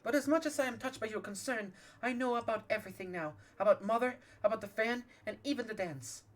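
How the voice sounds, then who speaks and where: A man's voice: high-pitched, fast, fairly bright tone, voice pushed up. A man voicing an earnest, formal young noble lady in a posh voice, reading game dialogue aloud. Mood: pleading.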